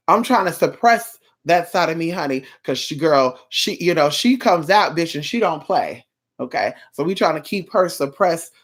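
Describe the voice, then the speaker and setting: A live streamer chatting casually with viewers, sassy and campy, calling them girl and honey, swearing freely and rambling from topic to topic. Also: medium pitch. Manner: sassy, campy, drawn-out endearments, frequent profanity.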